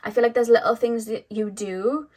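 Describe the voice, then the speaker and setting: A woman's voice: fairly high pitch, fairly even intonation, normal speed, a little mellow. A woman giving a pick-a-card tarot reading to camera. She muses sympathetically and rambles, with lots of "like" and "um". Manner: rambling, full of "like" and "um" and restarts; intuitive, sympathetic musing. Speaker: tarot reader.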